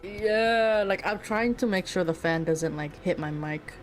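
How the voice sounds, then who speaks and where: A woman's voice: fairly low pitch, measured pace, faint music behind. Giggly woman co-streamer. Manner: laughs often, reads lines with playful dramatic flair. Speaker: co-streamer reading game dialogue. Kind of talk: casual gaming chat.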